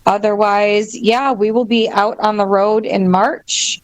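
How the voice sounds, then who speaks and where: A woman's voice: mid-range voice, fairly even intonation, slow pace, no room sound. A woman with a Wisconsin accent, a band guest chatting casually, laughing often and saying um a lot. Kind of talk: casual chat.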